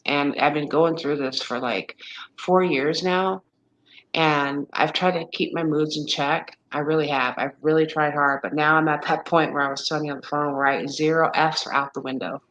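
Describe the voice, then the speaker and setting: A woman's voice: deep voice, fairly bright tone, lo-fi sound. A woman in her fifties in casual chat with a friend, rambling and exasperated, talking wearily about exhaustion, full of restarts. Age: 50s. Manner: weary, complaining of exhaustion.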